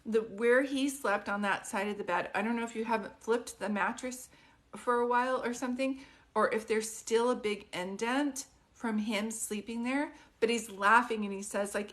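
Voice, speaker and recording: On a live stream, a woman working as a psychic medium speaks in a soft, gentle, consoling way, keeping things casual and chatty. She asks questions often, with a slightly high voice at a moderate pace.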